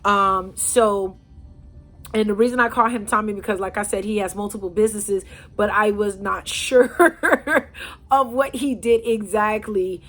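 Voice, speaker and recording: A woman's voice: medium pitch, measured pace. Chatty woman telling a storytime tale. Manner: chatty, animated, addresses viewers as "y'all". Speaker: storyteller, channel host. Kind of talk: casual storytime vlog.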